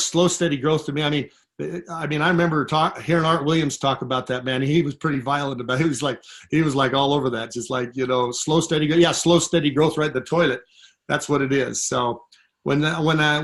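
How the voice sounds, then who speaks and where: A man's voice: a little high, a bit bright. A man on a conference call giving an emphatic, repetitive motivational pep talk to network marketing distributors. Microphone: phone call.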